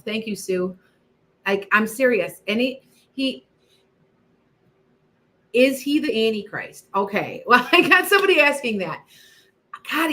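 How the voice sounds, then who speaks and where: Hosting a livestream where she answers viewers' psychic questions, this middle-aged woman speaks at medium pitch with a fairly bright tone. Her talk is casual yet emphatic, full of repetition and chatty asides to her audience.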